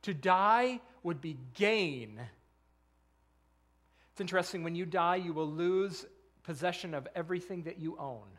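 Middle-aged male pastor, high voice, earnest sermon delivery with rhetorical questions. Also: measured pace, long pauses, fairly bright tone. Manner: earnest, quotes scripture, asks rhetorical questions.

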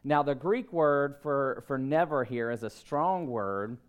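A man in his thirties preaching a sermon, telling stories about himself in a relaxed, conversational way and breaking into emphatic bursts. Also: medium pitch, unhurried, smooth. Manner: conversational, self-deprecating storytelling with emphatic bursts. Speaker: pastor.

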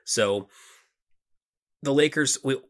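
A man's voice: medium pitch, slow. A man co-hosting a sports podcast, talking casually with lots of fillers and restarts. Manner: relaxed, conversational, frequent fillers and restarts. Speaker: podcast co-host.

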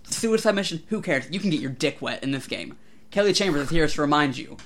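Slightly high-voiced guy ranting and swearing a lot on a podcast. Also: a little fast, a little hiss or hum. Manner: animated, profane, ranting. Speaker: podcast co-host. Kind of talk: casual chat.

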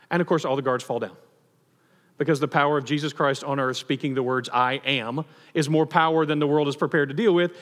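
A pastor giving a sermon in a conversational, animated storytelling manner with touches of humor. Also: male voice, fairly high pitch, big-room sound.

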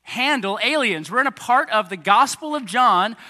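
A man in his thirties, a pastor giving a lively sermon to children and families, with chatty asides to kids and parents. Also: extremely high pitch, moderate pace. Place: church hall. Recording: echoey hall reverb.

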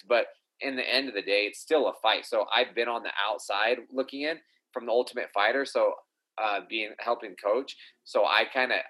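A man with a crisp, bright tone talks casually as a guest. He halts often and repeats words while he gathers his thoughts. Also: on the low side, low-quality recording. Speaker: guest fighter. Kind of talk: casual chat.

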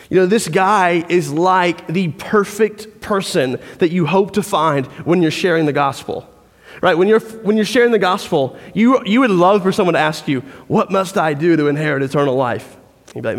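A man preaching a sermon as pastor, conversational and animated as he tells stories. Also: high voice, moderate pace. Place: church hall. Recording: long hall reverb.

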